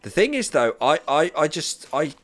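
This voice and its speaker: A man's voice: fairly high pitch, big pitch swings, moderate pace. A Norwegian man who learned British English chats casually while gaming on stream, hesitant, with many fillers and restarts. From Norway. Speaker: streamer, teacher.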